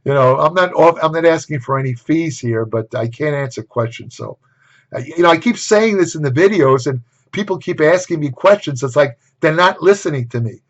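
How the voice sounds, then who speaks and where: A man's voice: a little high, lively intonation, a little fast. Blunt older man, dull lo-fi sound. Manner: blunt, opinionated, exasperated asides. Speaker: nutrition writer and host. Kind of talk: casual lecture to camera. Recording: dull lo-fi recording.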